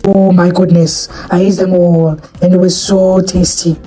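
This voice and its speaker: A woman voicing a greedy male monster who eats people, gloating in a lower, louder voice. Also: little pitch movement, a little slow, faint music behind. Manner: gloating, booming, laughing. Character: greedy man-eating male monster in disguise.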